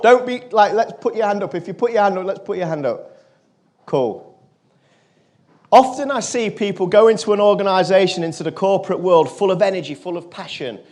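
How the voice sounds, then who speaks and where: A man giving a motivational keynote, telling a personal story to a live audience and turning quiet in the emotional moments. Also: high voice. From England. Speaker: motivational speaker. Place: conference stage.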